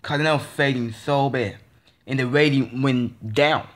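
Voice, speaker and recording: A man's voice: medium pitch, fairly even intonation, a little slow, a bit bright. Annoyed guy venting on his vlog, keeps repeating and tripping over words. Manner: frustrated and repetitive, stammering restarts. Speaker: vlogger. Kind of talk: ranting casual monologue.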